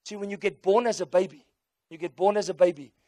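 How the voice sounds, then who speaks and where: A South African man whose first language is Afrikaans delivers a sermon fast, his voice sitting high. He's a lively storyteller who performs characters' voices and sprinkles in Afrikaans phrases. The recording is dry and studio quality.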